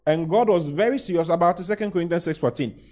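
A man's voice: high voice, fast, a little mellow. A man preaching a sermon, pushing key lines with emphatic, rising exclamations and playful mock voices. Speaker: pastor.

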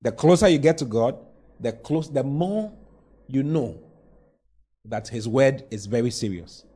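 A man's voice: mid-range voice, lively intonation, a little slow, dark tone, breathy edge. A man preaching a sermon, pushing key lines with emphatic, rising exclamations and playful mock voices. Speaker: pastor.

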